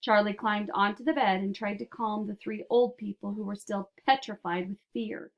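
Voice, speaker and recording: A woman narrating a children's storybook aloud in a steady, clear way. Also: medium pitch, moderate pace, muffled recording.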